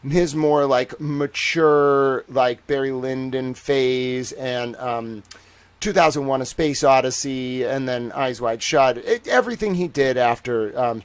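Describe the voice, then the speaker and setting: A man hosting a livestream in casual commentary, talking in a rambling, animated way full of "like.". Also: medium pitch. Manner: rambling and animated, heavy use of "like". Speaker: livestream host.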